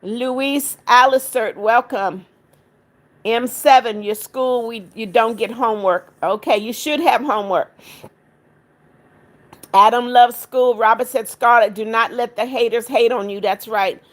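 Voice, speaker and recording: A middle-aged woman hosting a livestream, reading viewer comments aloud, warm to kind viewers and firm with rude ones. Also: a little high, measured pace. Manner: firm, scolding rude commenters, affectionate to others. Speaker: livestream host reading chat. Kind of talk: casual live chat.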